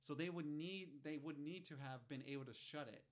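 A man in casual conversation who chimes in with short agreements and talks in a measured way when he explains. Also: fairly high pitch.

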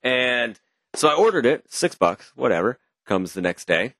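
A man's voice: medium pitch, very animated, moderate pace, a bit bright, dry recording, clean studio sound. A young man co-hosting a podcast, chatting casually and telling rambling jokey stories into a podcast mic with a pop filter. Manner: joking, rambling storyteller. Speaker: podcast co-host. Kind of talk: casual chat.

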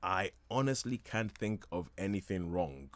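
A man's voice: deep voice, lively intonation, measured pace, dry recording. A man talking casually and enthusiastically about a film as a radio show regular, rambling with many restarts and laughs. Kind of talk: casual chat.

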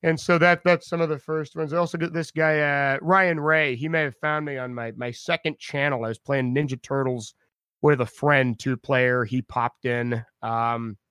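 A man's voice: mid-range voice, steady tone, normal speed, fairly bright tone, clear, resonant tone, no echo. Chatty man with a dry, close sound. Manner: laughs often, repeats words, puts on voices for viewers' names. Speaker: streamer being interviewed. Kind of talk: casual chat.

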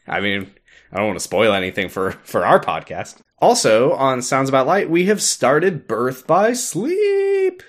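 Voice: medium pitch, wildly swooping pitch, a little slow. A podcast co-host in casual chat, making dry, wry asides.

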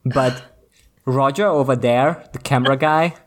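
A man chats through a comedy movie review podcast as co-host, trading bits with his partner. He laughs often and swears casually, his voice at an ordinary middle pitch. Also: a little slow. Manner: riffing, laughing often, profane.

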